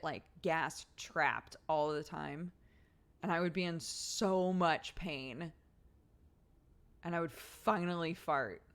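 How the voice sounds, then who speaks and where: A woman's voice: low-pitched, a bit bright. A young woman streamer chatting casually with her viewers, giggly and rambling as she tells stories. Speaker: streamer host reading chat.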